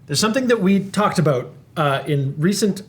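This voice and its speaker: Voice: medium pitch, expressive, brisk. A co-host doing show housekeeping in a casual, rambling way, with many fillers and restarts. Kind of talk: casual chat.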